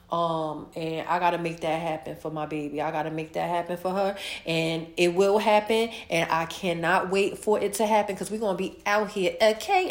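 A woman hosting her own podcast, chatting casually and warmly about her week, stuffed up from a sinus infection. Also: fairly low pitch, roomy sound. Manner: chatty, repetitive, heartfelt. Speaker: podcast host. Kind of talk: casual solo podcast chat.

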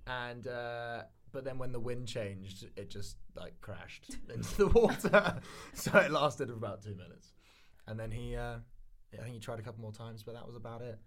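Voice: medium pitch, normal speed, crowd noise. A podcast co-host in casual chat, rambling and laughing often.

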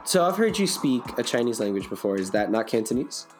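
A man's voice: medium pitch, sing-song, brisk, faint music behind. A man co-hosting a podcast over a call, chatting in a playful, self-mocking, joking way. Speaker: podcast co-host. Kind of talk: casual chat.

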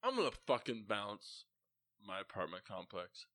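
A man's voice: on the low side, wildly swooping pitch, moderate pace, bright, forceful tone, no room sound. A young man co-hosting a podcast, ranting and joking with lots of swearing in casual chat. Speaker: podcast co-host.

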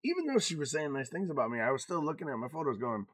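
A man's voice: fairly high pitch, big pitch swings, rapid-fire, no echo, clean studio sound. A man in his forties co-hosting a podcast in casual chat, talking frankly and confessionally and swearing freely. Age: 40s. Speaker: podcast co-host.

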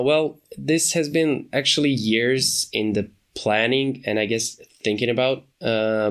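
A man hosting his own podcast, talking off the cuff in a hesitant way, with many pauses and restarts. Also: medium pitch, clear, resonant tone. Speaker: podcast host. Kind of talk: unscripted solo podcast talk.

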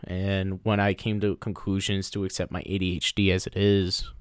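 A man co-hosting a casual podcast, telling a personal story in an animated way and slipping into playful voices. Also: sits low, moderate pace, clean tone, no room sound, studio quality. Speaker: podcast co-host. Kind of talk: casual chat.

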